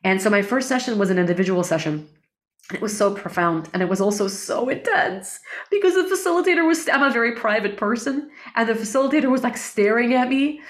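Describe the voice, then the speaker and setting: A woman being interviewed as a guest, telling a personal story in an earnest, animated way. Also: fairly high pitch, fast.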